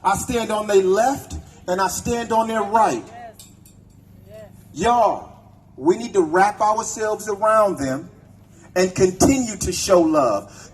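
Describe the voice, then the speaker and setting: A man's voice: high-pitched, slight background noise, rough recording. A man giving a raw, profane speech at an outdoor protest, leading the crowd in chants. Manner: angry, profane, leads chants. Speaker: protest speaker. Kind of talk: impassioned rally speech.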